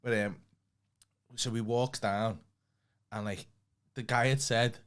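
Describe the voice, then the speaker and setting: A man's voice: mid-range voice, fairly even intonation, takes it slowly, fairly bright tone, clear, resonant tone. A young man, co-hosting a podcast and telling a story in casual chat, swearing freely and laughing often. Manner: swears freely, tells stories with lots of laughing. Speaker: podcast co-host.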